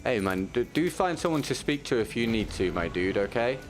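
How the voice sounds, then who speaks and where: A man's voice: mid-range voice, sing-song, a little fast. A man streaming a shooter game, talking to his viewers in a supportive, casual way with frequent restarts. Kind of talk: casual chat while playing.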